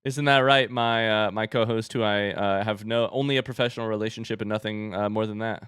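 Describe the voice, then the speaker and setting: A man hosting a live stream with playful, teasing game-show banter. His voice is smooth and clear. It is recorded close and dry, with no room sound. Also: on the low side, fairly even intonation, brisk, a bit bright, no echo. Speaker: stream host.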